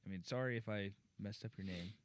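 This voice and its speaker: A man's voice: fairly low pitch, fast. A man co-hosting a casual sports podcast, laid-back, laughing and swearing as he reads out news. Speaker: podcast co-host. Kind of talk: casual hockey news chat.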